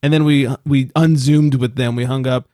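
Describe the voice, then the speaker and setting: Profane, animated male podcast co-host. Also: mid-range voice, moderate pace, no room sound, studio quality. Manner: profane, animated storyteller acting out quotes. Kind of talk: casual chat.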